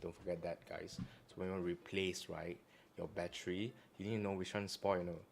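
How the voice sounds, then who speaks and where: A man's voice: low-pitched, flat delivery, a little fast, gravelly, slight background noise. A man in his thirties with a Malaysian English accent, casually hosting a live-stream chat and teasing his co-host. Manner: joking and teasing, loud bursts, slang particles like "lah". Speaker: show host.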